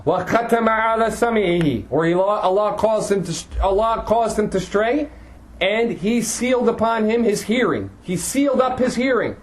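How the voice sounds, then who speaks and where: A man's voice: high-pitched, lively intonation, moderate pace, poor audio. A man teaching a class, reading passages aloud and then translating and explaining them phrase by phrase, with frequent restarts. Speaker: teacher explaining a religious text. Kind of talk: classroom lecture.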